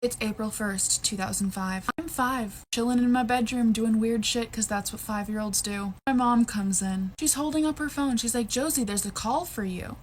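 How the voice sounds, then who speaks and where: A young woman telling a funny childhood story to camera in a lively, laughing way. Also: a little high, normal speed, hardly any pauses, slight background noise. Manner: animated, laughs through her story.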